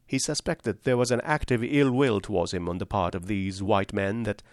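A man narrating a literary novel in a measured, grave, deliberate way. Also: fairly low pitch, dry recording, clean studio sound. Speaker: audiobook narrator.

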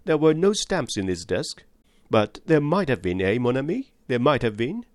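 A man's voice: medium pitch, normal speed, no room sound. Guy reading doing a placid old belgian detective, french-ish accent, precise, super dry recording. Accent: put-on French-tinged. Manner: precise, placid, calmly probing. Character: fussy elderly male Belgian detective, calm. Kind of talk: audiobook reading.

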